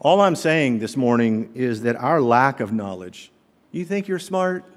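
A middle-aged man preaching a sermon as pastor, animated, asking the congregation rhetorical questions. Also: medium pitch, measured pace. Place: church sanctuary. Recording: long reverb of a large hall.

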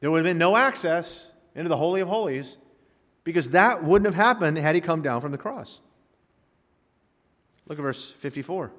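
A pastor preaches to his congregation, his voice sitting a little high for a man. He builds to emphatic peaks, then drops into slow, quiet pauses. Long reverb from the church hall trails each phrase. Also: lively intonation. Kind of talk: sermon.

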